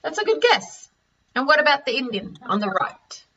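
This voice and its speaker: Bright, halting Australian woman presenter. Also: high voice, big pitch swings. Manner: halting, many fillers and restarts. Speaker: presenter of a health products session. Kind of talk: product presentation over a call. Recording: distant, dull-sounding audio.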